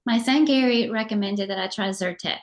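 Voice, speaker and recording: A middle-aged woman co-hosting a casual chat show, telling animated stories and laughing often. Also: medium pitch, brisk. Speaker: podcast co-host.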